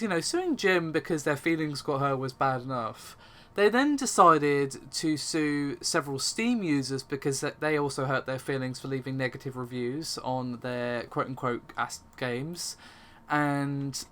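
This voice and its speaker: A man's voice: a little high, fairly bright tone. A man hosting a casual tech podcast, wry and often laughing as he tells a story. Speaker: podcast host.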